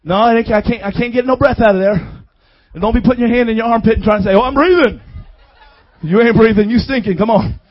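A man with a very high, light voice preaches a sermon with fervent, rhythmic call-and-response energy. The recording sounds dull and lo-fi, with the top end rolled off. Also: fairly even intonation, quick pace.

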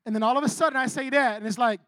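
A man's voice: very high voice, steady tone, rapid-fire, bright, forceful tone, dry recording. A pastor, a man giving a casual, conversational sermon, who keeps asking "right?" and teases his congregation.

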